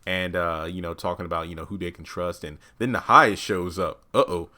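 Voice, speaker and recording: A man's voice: deep voice, fairly quick, sharp tone. Chatty man recapping a TV episode. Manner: chatty, uses many fillers, acts out quotes. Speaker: TV recap host.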